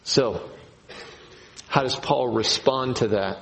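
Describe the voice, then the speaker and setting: A man preaching a sermon to his congregation, slow and emphatic, repeating key phrases. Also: medium pitch, vocal fry, a bit bright, a little hiss or hum, poor audio. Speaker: pastor.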